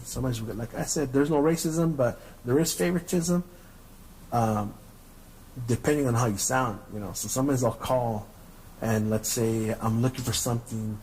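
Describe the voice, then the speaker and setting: A man's voice: mid-range voice, darkish tone, a little hiss or hum, rough recording. A middle-aged man hosting a podcast, telling stories in a casual, profane, rambling way and repeating his words. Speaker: podcast host. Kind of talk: casual storytelling rant.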